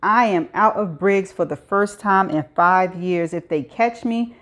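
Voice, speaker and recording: A woman reading a novel aloud in first person, steady and measured. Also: on the low side. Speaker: audiobook reader.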